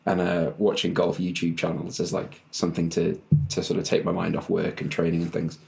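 A man's voice: deep voice, monotone, brisk, vocal fry, darkish tone, faint music behind. A man, a fitness coach and podcast co-host, chatting in a laid-back way on a video call and laughing easily. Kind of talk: casual podcast chat. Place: home setup on a video call.

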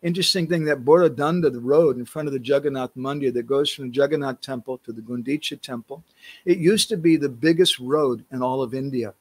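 A man's voice: medium pitch, fairly quick, a little mellow, breathy edge, no echo. A man giving a devotional storytelling lecture as a pilgrimage tour guide, animating the quoted characters as he narrates.

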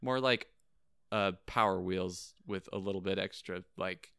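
A young man with a low, smooth, resonant voice recounts a wild story for his podcast. He builds suspense with drawn-out pauses and dramatic slow phrasing. The sound is close and dry. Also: fairly bright tone, no room sound. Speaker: podcast co-host. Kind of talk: animated storytelling.

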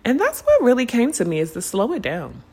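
A woman's voice: fairly high pitch, husky. A woman hosting a spiritual podcast, talking casually and earnestly to her listeners, calling them y'all and unicorns. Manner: earnest and lively, stretching words when urging listeners to slow down. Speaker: podcast host. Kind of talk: reflective spiritual podcast monologue.

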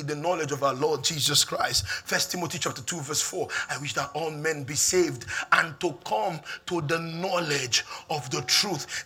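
A pastor with a Nigerian accent and a voice on the high side preaches a sermon, emphatic and repetitive, building up to shouts.

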